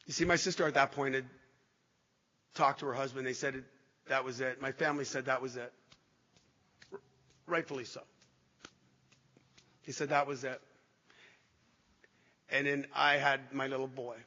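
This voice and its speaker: A man giving an emotional recovery testimony to an audience, halting and restarting as he speaks. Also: medium pitch, fairly even intonation, pushed and bright. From Canada. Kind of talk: personal testimony talk to an audience. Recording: dull echoey hall recording.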